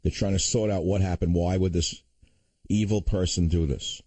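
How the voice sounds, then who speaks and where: A man's voice: low voice, fairly even intonation, moderate pace, mellow, dry recording, rough recording. A man hosting a political talk radio show, ranting in a combative, insulting manner.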